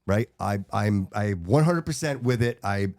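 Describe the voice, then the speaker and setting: A man's voice: on the low side, animated, unhurried, darkish tone, no echo, studio quality. A man in his fifties hosting a podcast interview, telling a story in casual chat and addressing his listeners directly. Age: 50s. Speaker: podcast host.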